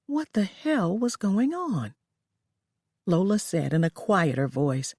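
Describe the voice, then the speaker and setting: Husky first-person audiobook narrator. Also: mid-range voice, sing-song, takes it slowly, a little mellow, no echo. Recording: dry close recording.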